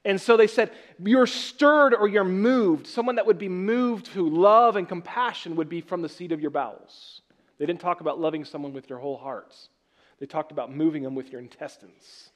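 High-voiced man preaching a sermon. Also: fairly quick. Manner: joking asides, conversational preaching. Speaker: pastor.

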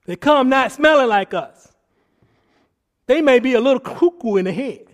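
High-pitched preacher. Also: male voice, expressive, normal speed. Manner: swings between hushed asides and loud preaching; mimics people in quoted voices. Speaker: pastor. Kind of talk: sermon.

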